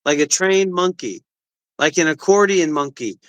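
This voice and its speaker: A man's voice: fairly high pitch, lively intonation, normal speed, poor audio. A man co-hosting a livestream, ranting and mocking in casual chat. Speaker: livestream co-host.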